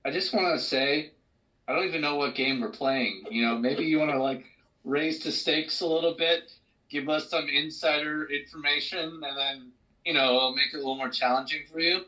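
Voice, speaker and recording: A man's voice: on the high side, moderate pace, sharp tone, low-quality recording. A man playing a tabletop game, joking and cheeky with the game master. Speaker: player.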